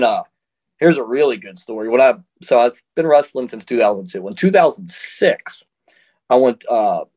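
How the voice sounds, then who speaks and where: Casting: relaxed male wrestler, chatty storyteller, easygoing, laughs between stories. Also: mid-range voice. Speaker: interview guest, professional wrestler. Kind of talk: casual storytelling.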